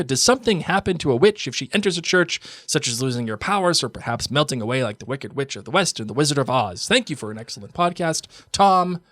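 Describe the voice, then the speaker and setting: A man's voice: medium pitch, fairly bright tone, no echo. A man co-hosting a podcast, chatting casually and reading listener emails in an easygoing, amused way. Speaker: podcast co-host.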